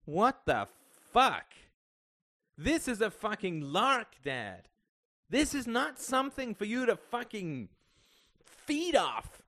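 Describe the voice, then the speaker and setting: A man reading the part of a young adult son, a bass player, guarded and quick to curse. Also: big pitch swings, no echo, studio quality. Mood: angry. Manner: guarded, then cursing.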